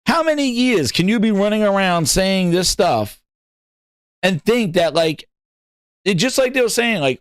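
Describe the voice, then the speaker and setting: A man hosting a gaming podcast, talking loudly and animatedly, teasing and incredulous. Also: high voice, big pitch swings, measured pace, dry recording, clean studio sound. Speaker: podcast host. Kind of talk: excited casual gaming talk.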